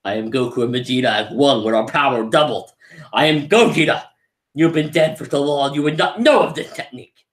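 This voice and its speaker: A boastful fused male warrior from an anime, voiced by a man. He declaims with calm self-assurance in an everyday voice, recorded in a roomy, echoing space. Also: medium pitch, a little fast, natural voice. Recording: roomy echo.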